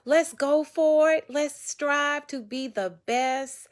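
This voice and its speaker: Folksy, preachy woman author with a fairly high voice. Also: slow pace. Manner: folksy and preachy, talks straight to her viewers. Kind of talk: casual motivational talk to camera.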